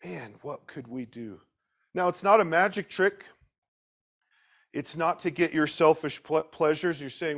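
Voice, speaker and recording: Man preaching, sermon, higher-pitched voice, loud emphatic bursts, drops to quiet slow asides, asks the listeners questions. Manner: talks directly to the listeners with questions.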